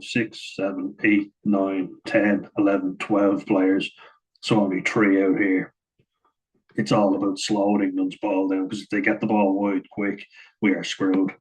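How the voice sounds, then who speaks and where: A man's voice: low voice, little pitch movement, measured pace, low-quality recording. A man giving a chatty, casual voice-over breakdown of rugby footage, often saying "like" and chuckling at his own asides. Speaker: rugby match analyst.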